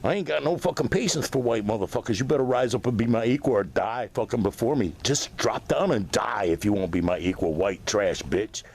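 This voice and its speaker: A man's voice: fairly low pitch, a little fast, few pauses, a little mellow, breathy edge. A man delivering an aggressive, profane, insulting rant directly at someone he is angry with.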